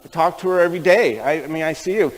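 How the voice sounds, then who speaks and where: A pastor with a slightly high voice delivers a sermon at a quick pace in a large hall, telling stories in a folksy, conversational style and addressing the men in the room directly. The recording quality is low.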